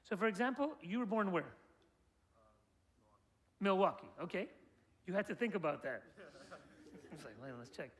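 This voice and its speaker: A man's voice: high-pitched, expressive, unhurried, long pauses, fairly bright tone. A man guiding a group through an interactive presentation about an upcoming tour. He keeps asking the audience questions and praising their answers. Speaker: tour guide presenting a trip.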